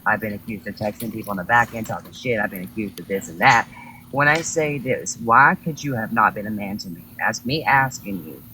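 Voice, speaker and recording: A man's voice: lowish voice, sharp tone, slight background noise, poor audio. A man hotly accusing someone during a live stream argument, swearing and confrontational.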